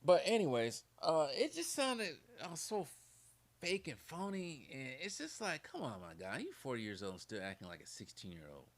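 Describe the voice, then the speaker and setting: A man hosting his own channel, giving casual opinion commentary in an animated, ranting way. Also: a little high, normal speed. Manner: animated, ranting, laughs often.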